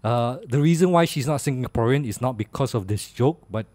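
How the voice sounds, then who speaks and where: A man's voice: medium pitch, lively intonation, fairly quick, darkish tone, no room sound, clean studio sound. A young Malaysian man co-hosting a podcast, speaking Malaysian English in casual chat, laughing often and tagging his lines with "lah". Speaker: podcast co-host.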